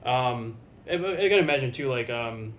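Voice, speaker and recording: A man's voice: mid-range voice, animated, moderate pace, slight background noise. A man interviewing a guest at a fan convention, asking rambling, filler-heavy questions in an easygoing way. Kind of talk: casual interview chat.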